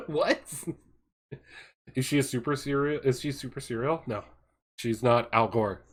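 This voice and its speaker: Over game music, a man hosts a let's play and reads the game's dialogue out loud, joking, ad-libbing and slipping into goofy voices. His mid-range voice is unhurried, and there's a slight hiss or hum on the recording.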